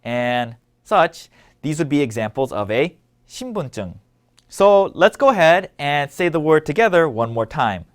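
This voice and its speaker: A man's voice: fairly high pitch, big pitch swings, moderate pace. A man teaching a language lesson, explaining words patiently and asking listeners to repeat after him. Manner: clear, patient instructional delivery. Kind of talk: scripted language lesson narration.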